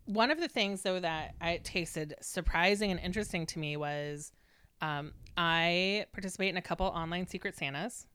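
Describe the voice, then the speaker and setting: A woman's voice: lowish voice, normal speed, fairly bright tone, clean tone, dry recording. A woman in her forties chatting casually on a podcast, full of "like" fillers. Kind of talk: casual chat.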